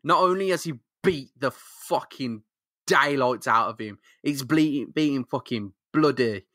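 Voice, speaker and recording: A man's voice: medium pitch, unhurried, bright, forceful tone, no room sound, studio quality. A man co-hosting a casual comic-book podcast, making emphatic points, swearing and laughing along. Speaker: podcast co-host.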